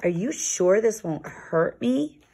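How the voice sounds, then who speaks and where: A woman voicing a small, eager male puffin in a children's storybook, lifting her voice high and bright. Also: expressive, moderate pace, breathy edge. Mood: cheerful.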